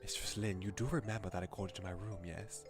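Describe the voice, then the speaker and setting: A man voicing a proper, protective male butler with a low, formal way of talking. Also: fairly even intonation. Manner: formal, low, measured, softly scolding. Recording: game music behind.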